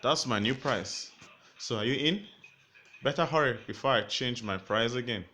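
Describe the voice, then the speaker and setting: A man's voice: medium pitch, moderate pace, bright, forceful tone, slight background noise, lightly acted. Spider-Man as a man doing a sly broker. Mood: pushy. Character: sly scheming male superhero acting as broker. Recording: music playing underneath.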